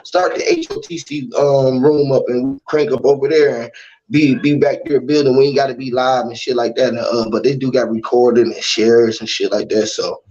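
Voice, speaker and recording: A man's voice: mid-range voice, steady tone, normal speed, a little mellow. A man hosting a casual livestream chat, telling profane stories animatedly and laughing often. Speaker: livestream host. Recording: dull lo-fi stream audio.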